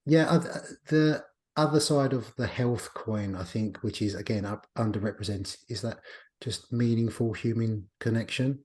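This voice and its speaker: A male podcast host with a fairly low voice. He talks in a reflective, thinking-aloud way, pausing as he works toward his point. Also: darkish tone. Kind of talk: casual podcast conversation.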